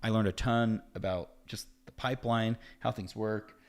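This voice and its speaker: A man hosting a live stream, talking casually in an animated, rambling way, his voice jumping up whenever he quotes someone. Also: lowish voice, normal speed. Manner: animated and rambling, voice jumps up when quoting others. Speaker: host of a live effects-art stream. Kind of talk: casual livestream talk.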